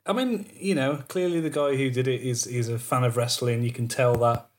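A man's voice: medium pitch, brisk. A man, co-hosting a podcast in a rambling, jokey casual chat. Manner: rambling, jokey, trails off on tangents. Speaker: podcast co-host.

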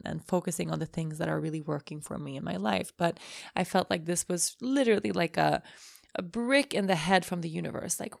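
A woman's voice: fairly low pitch, gravelly, no echo, clean studio sound. A middle-aged woman hosting her own podcast, talking candidly and emotionally, teary from recent crying and swearing freely. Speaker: podcast host. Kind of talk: emotional personal podcast monologue.

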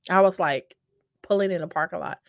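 Talking briskly in a fairly low voice, a woman shares a personal dating story with her vlog audience, addressing them as "y'all." Her casual telling to camera is chatty and self-deprecating, full of fillers and repetition, captured in a dry, clean studio recording.

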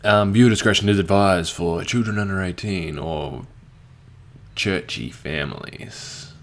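Foul-mouthed podcast host. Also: male voice, sits low, measured pace. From Australia. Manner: crude, profane, rambling with many fillers. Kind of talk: casual solo podcast monologue.

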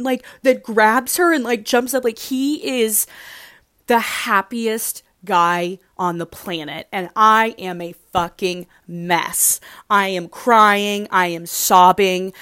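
Young woman gushing about a show, lots of likes and ums, dry close sound. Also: no echo. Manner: gushing and emotional, many fillers, squeals into high pitch when excited. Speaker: podcast host recapping a reality show. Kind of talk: casual chat.

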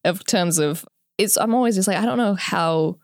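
A woman's voice: medium pitch, moderate pace, dry recording. Giggly New woman, dry sound. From New Zealand. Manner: giggly, chatty, trails off mid-sentence. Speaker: guest musician. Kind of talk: casual interview chat.

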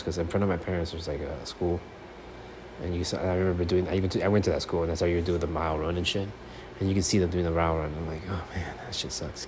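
Alone on his casual sports podcast, a low-voiced host from Miami rants profanely, moving from subdued muttering to fired-up, loud outbursts. The recording, made in his apartment, carries a light hiss of room noise.

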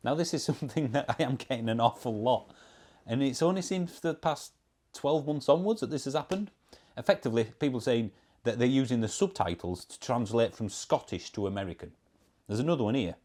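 A man's voice: mid-range voice, expressive, fairly quick, warm tone. A man with a Yorkshire accent, talking casually in a vlog as a car reviewer, wry and sarcastic while he reads out and answers comments. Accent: Yorkshire English. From Yorkshire, England.

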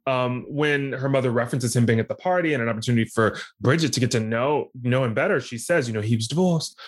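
A man co-hosting a podcast, talking casually and rambling with lots of fillers and restarts, pitch jumping up when he makes a point. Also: fast. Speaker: podcast co-host. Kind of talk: casual chat.

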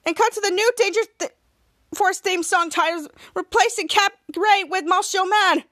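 Casually recapping a TV episode on her podcast, a woman goes through it scene by scene, playing out the quotes in a higher voice and restarting sentences many times. Her pace is moderate, her tone fairly bright, and the studio sound is dry and clean.

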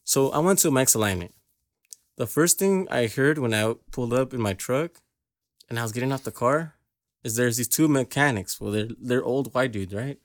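A man's voice: mid-range voice, animated, normal speed, no room sound. A young man hosts a podcast in loose, crude banter. He rambles, laughs a lot and loses his train of thought, his voice close and dry. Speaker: podcast host.

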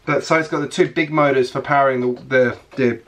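A man's voice: medium pitch, steady tone, a little fast, a bit bright. A man chatting casually on his hobby vlog, rambling along with lots of fillers and restarts. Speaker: Lego hobby vlogger.

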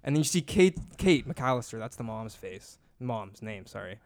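A man's voice: medium pitch, very animated, moderate pace, no echo. Rambling man in dry podcast banter. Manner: rambling, self-correcting, swears casually. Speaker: podcast co-host. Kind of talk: casual sports betting banter.

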